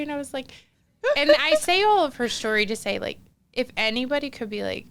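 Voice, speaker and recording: A woman, in her forties, telling a personal story as a podcast guest in an animated, chatty way with lots of fillers. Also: high voice, a little fast, clear, resonant tone. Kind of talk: casual conversational storytelling.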